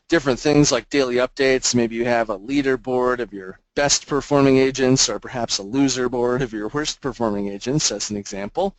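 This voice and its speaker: Casual man presenting a software demo. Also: mid-range voice, no echo, rough recording. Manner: casual explanatory, frequent fillers.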